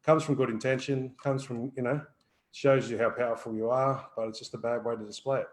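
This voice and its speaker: A man's voice: mid-range voice, fairly even intonation, fairly quick, low-quality recording. A man co-hosting a live question-and-answer stream, talking bluntly and swearing freely about feelings and energy healing. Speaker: energy healer co-host. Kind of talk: live Q&A chat.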